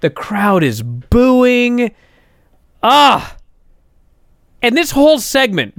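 A man's voice: on the high side, very animated, takes it slowly, pauses often, fairly bright tone, no room sound, clean studio sound. A man giving a casual, sarcastic recap of a wrestling show, exasperated and building to indignant outbursts.

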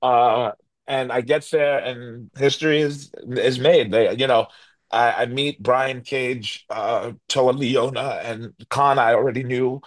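This guest, a middle-aged New Yorker, spins an animated story in a loose, rambling style packed with restarts and fillers, doing the voices of those he quotes. His mid-range pitch stays steady and his pace is slow. The recording is dry and close, with no echo from the room.

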